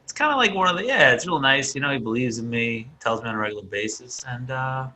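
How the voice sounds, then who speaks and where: A man's voice: mid-range voice, animated, fast, pushed and bright, a little hiss or hum. A man hosting a comedy podcast, teasing and mocking his guests in a goofy way. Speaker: podcast host. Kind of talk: casual podcast banter.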